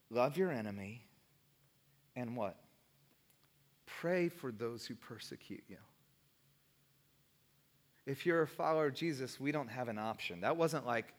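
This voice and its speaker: A man's voice: medium pitch, lively intonation, measured pace, long pauses. A middle-aged male pastor preaching a sermon in a conversational, storytelling way, acting out the people he quotes.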